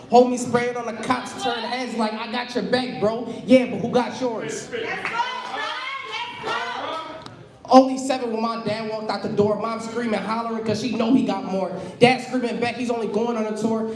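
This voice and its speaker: A young man performing spoken word poetry on a stage mic, with a rhythmic, rhyming delivery that is intense and raw. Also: extremely high pitch. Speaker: performing poet. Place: live poetry venue stage. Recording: echoey live venue.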